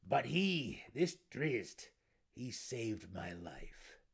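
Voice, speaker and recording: A man's voice: mid-range voice, expressive, unhurried, a little mellow, pitched above the performer's own voice. A man voicing a male gnome burrow warden with a resonant voice who stammers as he speaks. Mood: earnest.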